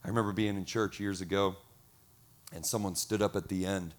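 A middle-aged man preaching a lively sermon, acting out quoted voices. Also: sits low, fairly quick. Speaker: pastor.

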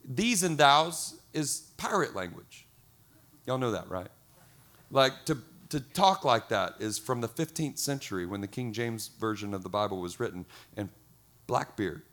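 A middle-aged man preaching a lively sermon, acting out quoted voices. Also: medium pitch, a little slow. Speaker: pastor.

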